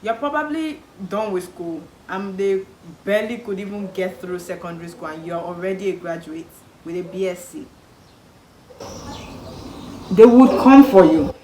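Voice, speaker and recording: A woman's voice: medium pitch, normal speed. A young Nigerian woman with a Nigerian accent, giving casual advice to camera and acting out what relatives say with emphatic repetition. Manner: animated, acts out quoted relatives, emphatic repetition. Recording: echoey room with faint background noise.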